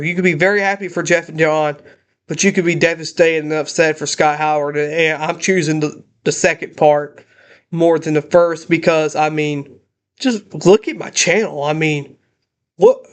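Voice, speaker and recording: A young man ranting in a casual home vlog, emotional and halting with many restarts, recorded on a laptop in his parents' house. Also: on the high side, steady tone. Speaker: channel host.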